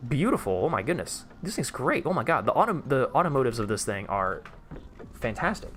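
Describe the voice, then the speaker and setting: Excitable young man streaming games. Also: mid-range voice, a little fast, slight background noise. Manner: excitable, chatty, reads chat aloud. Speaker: livestream host. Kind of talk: casual live-stream commentary. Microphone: desk microphone.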